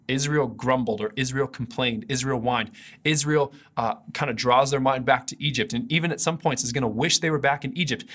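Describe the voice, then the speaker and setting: A man's voice: medium pitch, a bit bright, slightly rough. A man giving a conversational video sermon as pastor, earnest and often restarting his sentences. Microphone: camera mic for an online video.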